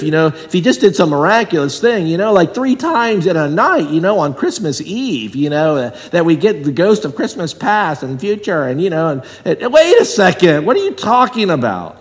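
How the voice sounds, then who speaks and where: Guy preaching, fairly high voice, acts out the people he quotes, big echoey hall. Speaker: pastor. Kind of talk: expository sermon.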